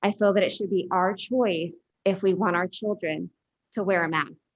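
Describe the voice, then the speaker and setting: A woman's voice: lowish voice, steady tone, normal speed. A woman in her thirties from Illinois, a mother making a firm, matter-of-fact public comment. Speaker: parent speaking at public comment. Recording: dull lo-fi meeting audio.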